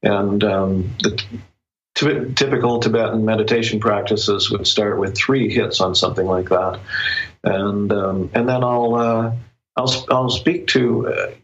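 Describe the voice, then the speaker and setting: Brief: male author guest, lowish voice, slow reflective delivery with pauses, muffled lo-fi recording. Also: steady tone. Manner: reflective, thoughtful, pauses often to find words. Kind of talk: casual interview conversation.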